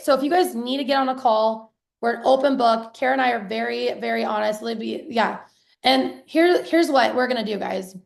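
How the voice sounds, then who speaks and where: Woman in her thirties, live-stream business coach, excited and chatty, slightly high voice, gravelly fry, casual swearing. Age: 30s. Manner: excited, chatty, swears casually, reads viewer comments aloud. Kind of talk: live-streamed sales pitch to viewers.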